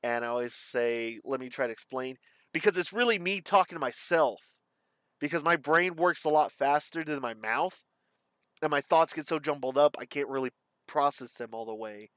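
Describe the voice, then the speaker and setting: A young man talking in a casual vlog monologue, rambling and halting, with a slight lisp or slur in his speech. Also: medium pitch, a bit bright, dry recording. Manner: rambling, halting, self-described stutter. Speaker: streamer.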